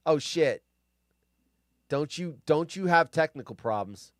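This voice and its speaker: Male stream host, high lively voice, dry sound, cranky and foul-mouthed. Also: dry recording. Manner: grumpy, profane, rambling rants. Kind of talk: casual live-stream chat.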